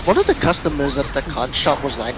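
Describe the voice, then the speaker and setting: Animated man swapping gaming stories. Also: medium pitch, fast, over loud music, low-quality recording. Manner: animated storyteller, swears casually, acts out quotes. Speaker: gamer in a voice chat. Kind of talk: casual gaming voice chat. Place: online voice chat while gaming.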